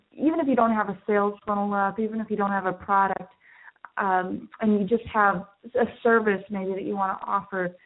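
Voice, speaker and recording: Female business coach, medium pitch, eager advice, phone-line sound. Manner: enthusiastic, advice-giving. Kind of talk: conversational interview.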